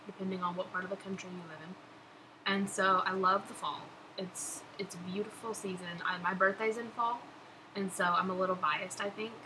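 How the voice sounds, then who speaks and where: Young woman, casual vlog chat, gushing and giggly, mid-pitch, noisy background. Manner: chatty, laughing, gushing. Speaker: vlogger answering follower questions. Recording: background noise.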